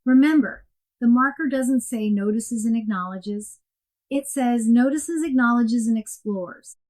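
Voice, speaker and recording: A woman giving a scripted coaching lesson in a clear, measured and emphatic way. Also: on the high side, darkish tone. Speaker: coaching instructor. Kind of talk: scripted instructional narration.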